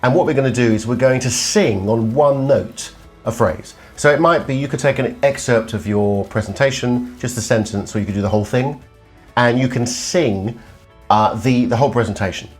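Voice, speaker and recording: A middle-aged man teaching vocal technique as a coach, breaking off to hum and intone examples. His voice sits at a mid pitch, and faint music plays quietly behind him. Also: moderate pace. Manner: demonstrative, hums and sings examples. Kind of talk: vocal exercise lesson.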